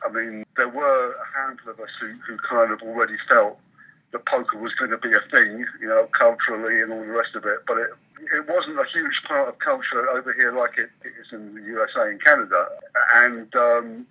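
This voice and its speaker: A man's voice: medium pitch, steady tone, brisk, husky, lo-fi sound. A middle-aged man, chatting casually as an interview guest, self-deprecating and full of restarts. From England. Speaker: professional poker player guest.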